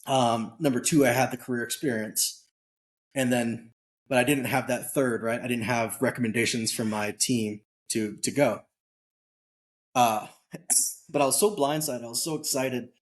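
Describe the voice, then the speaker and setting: A man guest on an interview show, telling a story in a candid, casual way with lively acted-out bits of dialogue. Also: mid-range voice, normal speed. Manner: animated storyteller who acts out quoted dialogue; candid, casual, occasionally swears. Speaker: podcast guest.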